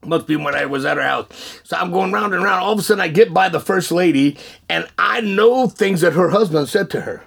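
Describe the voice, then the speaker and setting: A man telling his testimony in an animated, folksy way, often laughing and repeating words. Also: high voice, brisk, creaky, breathy edge. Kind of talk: animated storytelling.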